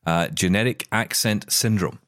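A man's voice: lowish voice, normal speed, a bit bright, no echo, studio quality. A middle-aged man co-hosting a tech podcast in casual, jokey chat, reading listener messages aloud. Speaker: podcast co-host.

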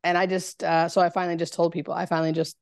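Woman, low gravelly voice, hospice nurse guest, halting storytelling, dry close sound. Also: flat delivery, no echo. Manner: halting, searching for words, many fillers. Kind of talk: conversational interview storytelling.

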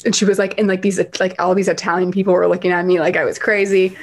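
A woman's voice: fairly low pitch, fast. Chatty woman telling a dog story. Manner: chatty, filler-heavy, animated retelling with lots of "like" and "um". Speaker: guest, dog rescuer and children's author. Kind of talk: casual interview storytelling.

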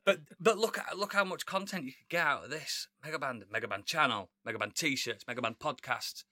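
Excitable man, bright dry voice. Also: medium pitch, fairly quick, dry recording. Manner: excitable, rambling, laughs often. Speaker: podcast co-host. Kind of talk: casual chat.

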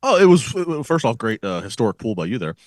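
A man's voice: lowish voice, big pitch swings, fast talker, darkish tone, dry recording, clean studio sound. A man co-hosting a podcast, talking about wrestling in a joking, mock-dramatic way. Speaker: podcast co-host. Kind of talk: casual wrestling talk.

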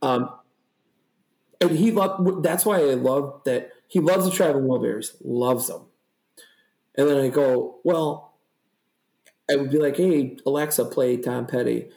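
Unhurried and pausing often, this young man's medium-pitched voice carries rambling, swear-filled, animated stories as he co-hosts a casual podcast chat. The room sounds echoey.

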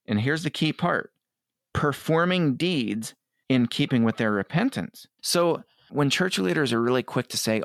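Guest, male, middle-aged, earnest and direct, gravelly, dry mic. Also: medium pitch, expressive, dry recording. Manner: earnest, quotes others in quick asides. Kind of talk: conversational interview.

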